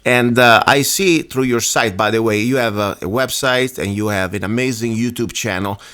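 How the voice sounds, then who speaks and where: A foreign-accented man hosts a talk radio show with loud, animated energy. He speaks casually, laughs often and jumps between topics, with an average-pitched voice. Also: normal speed, smooth. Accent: foreign-accented English. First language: not English.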